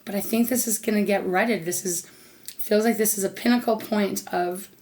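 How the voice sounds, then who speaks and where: A woman's voice: medium pitch, fairly even intonation, moderate pace, a little mellow. Earnest woman reading tarot cards. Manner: earnest, emotional, speaking straight to the viewer; talks aloud to Spirit between cards. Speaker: tarot reader. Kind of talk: unscripted intuitive tarot reading.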